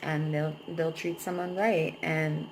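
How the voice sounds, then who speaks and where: A woman's voice: deep voice, level tone, slow, a little hiss or hum, rough recording. A young adult woman vlogging, venting at length about a painful breakup in a rambling, emotional way and swearing freely. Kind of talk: personal venting vlog.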